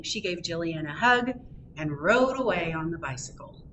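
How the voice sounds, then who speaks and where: Expressive female storytime reader, animated delivery, faint background rumble. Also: moderate pace. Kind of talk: reading a picture book aloud. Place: public library.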